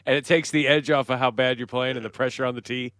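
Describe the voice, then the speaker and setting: A man co-hosting a sports radio show, asking quick questions and making wry jokes in casual banter. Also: mid-range voice, fairly even intonation, fairly bright tone, no room sound, clean studio sound.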